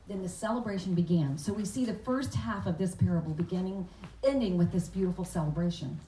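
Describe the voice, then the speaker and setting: A woman teaches from scripture in a sermon style, animated and often asking her listeners questions. Her voice sounds roomy and a little distant from the microphone, and faint noise sits behind it. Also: lowish voice, normal speed. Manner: animated, acts out the father's words, asks the audience questions. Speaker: Bible teacher. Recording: echoey room, voice from a distance.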